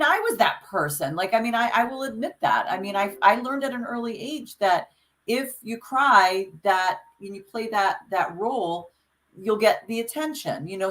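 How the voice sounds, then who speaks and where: An earnest woman on a podcast, speaking at an ordinary mid pitch. She talks like a coach, urging listeners on in casual conversation and often restarting her sentences. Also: animated, moderate pace, a bit bright, low-quality recording. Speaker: podcast co-host.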